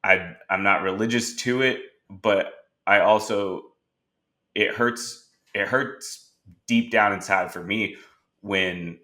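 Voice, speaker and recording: Bright-toned man telling animated stories. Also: on the low side, takes it slowly. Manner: animated storyteller who acts out quoted dialogue. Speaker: podcast host. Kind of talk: casual conversation.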